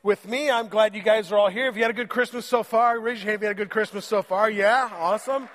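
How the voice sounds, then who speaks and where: A man's voice: high voice, fairly even intonation, quick pace, fairly bright tone, in a large hall, a little hiss or hum. A man preaching a sermon in church while fighting a cold, in a joking, conversational way. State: has a cold, voice lowered. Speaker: pastor. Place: church sanctuary.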